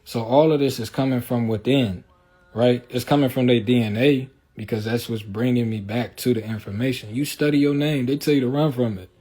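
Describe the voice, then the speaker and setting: Mellow and husky, this man's mid-range voice holds a steady tone at a slightly fast pace. He hosts a casual livestream, rambling loosely and streetwise, with frequent filler asides and repeated check-ins with his listeners.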